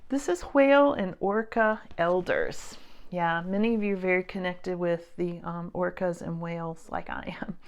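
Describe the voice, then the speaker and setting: A woman giving a casual tarot reading to camera, earnest and halting, with many fillers and frequent drops into hushed whispers. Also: lowish voice. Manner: emotional, speaks of feeling things strongly. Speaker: psychic tarot reader.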